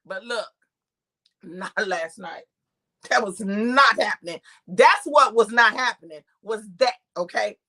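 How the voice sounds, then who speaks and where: A woman preacher tells a lively, laughing story to viewers she greets by name, acting out the voices of the people in it. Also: medium pitch, measured pace. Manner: talks straight to viewers by name. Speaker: preacher and live-stream host. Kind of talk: lively storytelling to a live online audience.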